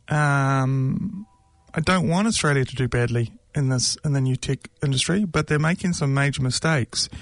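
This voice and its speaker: A man's voice: medium pitch, dry recording. A man, talking casually and jokingly, rambling with many ums and mocking asides. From New Zealand. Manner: rambling, joking, mocking, with frequent filler words. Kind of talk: casual opinion monologue.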